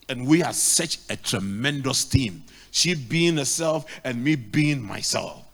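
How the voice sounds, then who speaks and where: A man's voice: mid-range voice, animated, measured pace, vocal fry, few pauses, fairly bright tone. A middle-aged man with a Ghanaian English accent preaching a sermon, emphatic and repeating key lines. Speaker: pastor.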